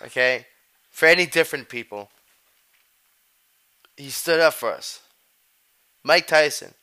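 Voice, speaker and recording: A man hosts his own podcast in an easygoing, rambling way, full of street slang and swearing. His voice is bright and clear, with a crisp, smooth tone. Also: fairly high pitch, a little slow. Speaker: podcast host. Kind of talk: casual chat.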